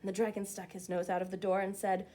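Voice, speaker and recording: A woman leads a children's story time, reading a picture book aloud and guiding the kids through yoga poses with expressive storytelling. Her voice is medium in pitch and fast, and she sounds far from the microphone.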